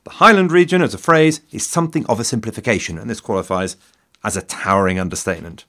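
An Englishman in his fifties hosts a solo history podcast, recorded on a studio mic in a shed. His voice is lowish and fairly bright, and he talks fast. He is wry and self-mocking, throwing in theatrical asides.

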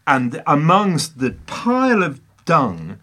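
A man's voice: fairly high pitch, wildly swooping pitch, takes it slowly, sharp tone. A man talking films in a casual chat, his voice swinging widely up and down as he makes his case. He sounds theatrical and emphatic, and he teases his co-host as he argues. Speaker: podcast co-host. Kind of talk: casual film discussion.

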